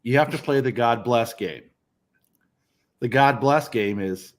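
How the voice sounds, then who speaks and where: A man's voice: mid-range voice, a little slow, pauses often. A man animatedly telling a funny story in casual conversation, laughing as he goes. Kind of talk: casual chat.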